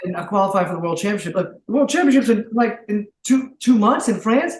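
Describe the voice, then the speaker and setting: Man, high voice, earnest storytelling, excited bursts, roomy echo. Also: quick pace. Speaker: podcast guest, triathlete. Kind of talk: casual interview chat.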